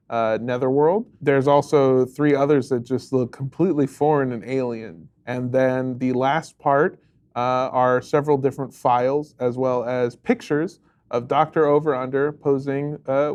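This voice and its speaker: A man running a tabletop role-playing game as game master, describing scenes in an unhurried way with many filler pauses. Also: medium pitch, darkish tone, clean tone.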